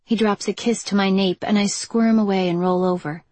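Husky woman narrating a romance audiobook. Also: mid-range voice, fairly even intonation, normal speed, a little mellow, no room sound.

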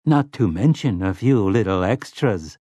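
A man's voice: lowish voice, lively intonation, a little slow, warm tone, slightly rough, dry recording. Brief: prissy, complacent robot butler with a silky menace, done by a male narrator, dry audiobook sound.

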